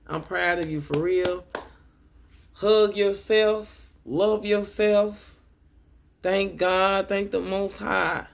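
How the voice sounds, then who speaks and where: Slow, gravelly-voiced woman tarot reader. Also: mid-range voice. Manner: emotional, repeats affirmations; addresses viewers as y'all. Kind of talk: tarot reading video.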